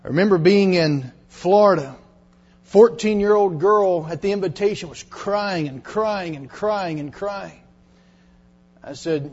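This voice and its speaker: A middle-aged male preacher giving a dramatic sermon to teenagers, dropping to hushed tones when he retells confessions. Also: high voice, measured pace, husky. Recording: dull lo-fi sermon recording.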